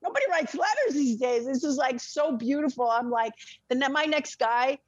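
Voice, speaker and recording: An intense woman with a high voice speaks frankly, often swearing and restarting her words. The recording is dry and slightly dull, with no room sound. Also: animated, normal speed, breathy edge, no room sound. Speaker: podcast guest. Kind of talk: emotional personal storytelling.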